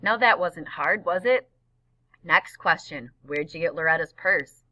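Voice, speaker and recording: A woman's voice: on the low side, lively intonation, unhurried, pushed and bright, recorded from a distance. Cruel biker boss, as a woman reads him. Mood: menacing. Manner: curt, threatening orders. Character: menacing male biker gang boss, quiet and cruel.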